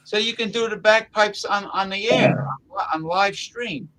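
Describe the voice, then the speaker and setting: A man hosting a casual livestream chat, who talks in halting restarts with many fillers and repeats himself to hold the floor. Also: high voice, big pitch swings, creaky, sharp tone, rough recording. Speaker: livestream host.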